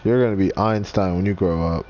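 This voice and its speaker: A man's voice: low-pitched, fairly quick, a little mellow, a little hiss or hum. A man giving playful let's play commentary, joking and talking to his pets while he games. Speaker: game streamer.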